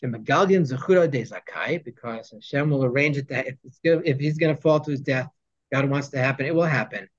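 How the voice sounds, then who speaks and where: A Torah teacher with a medium-pitched voice talks quickly as he leads a text study class, explaining Hebrew texts with English glosses and asides. The recording has a dull, lo-fi sound.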